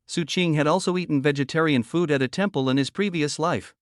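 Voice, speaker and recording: Higher-voiced man narrating a story. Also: brisk, few pauses, no echo, clean studio sound.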